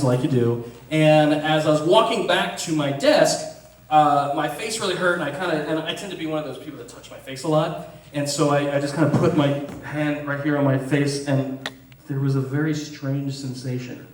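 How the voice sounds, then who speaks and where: A man telling a funny story before a live theater audience, animated, laughing often and swearing casually. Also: a little high, normal speed. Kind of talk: live comic storytelling on stage. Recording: echoey theater, distant mic, audience reacting.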